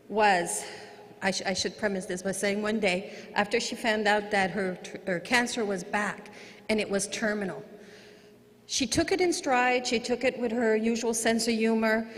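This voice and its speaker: A woman's voice: mid-range voice, fairly bright tone. A woman, a mother, giving an earnest storytelling speech at an award ceremony in a large event hall, speaking into a podium microphone. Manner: earnest, storytelling, occasional restarts. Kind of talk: heartfelt public speech. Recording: long hall reverb.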